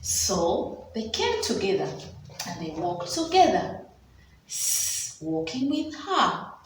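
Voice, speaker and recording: A preschool teacher with a Ugandan English accent tells a story to children during a phonics lesson, drawing out sounds slowly. Her voice is a little high with big pitch swings. She is recorded off-mic from a distance in an echoey room, with slight background noise.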